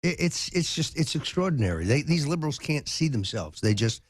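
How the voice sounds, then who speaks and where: A man's voice: on the high side, big pitch swings, a little fast, husky, dry recording. An older man as a talk show guest, emphatic and indignant, leaning hard on single words. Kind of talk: political talk show interview.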